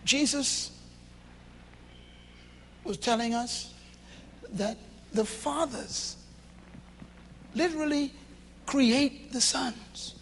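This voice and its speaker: A man preaching a sermon to a live congregation, swinging from shouts to low confiding tones and acting out little dialogues in different voices. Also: extremely slow, long pauses, slight background noise. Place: church hall with a congregation.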